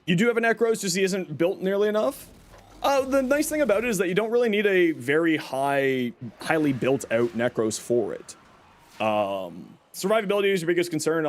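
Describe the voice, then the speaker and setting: A man streaming a video game, chatting casually and explaining tips to his viewers. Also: a little high. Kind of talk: casual gameplay commentary.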